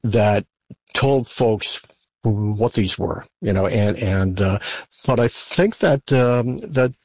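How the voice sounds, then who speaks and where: Male journalist, slow and halting, dry close sound. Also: on the low side, lively intonation, a little mellow, slightly rough, no room sound. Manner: hesitant, many fillers and restarts. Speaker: newspaper journalist guest. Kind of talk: radio interview.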